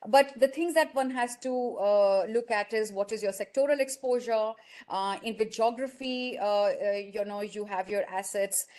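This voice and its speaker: A woman's voice: mid-range voice, normal speed, darkish tone. A woman with an Indian English accent presenting over a video call, hesitant and full of fillers and restarts. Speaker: webinar presenter.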